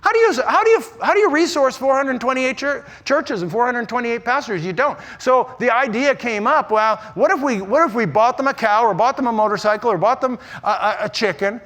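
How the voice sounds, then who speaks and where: A man preaching in a large church auditorium, his voice sitting high and ringing bright. He delivers an energetic conference sermon with humor and punchy emphasis, doubling back on words as he goes. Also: brisk, few pauses. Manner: humorous, emphatic, often repeats words and restarts. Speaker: pastor speaking at a church conference.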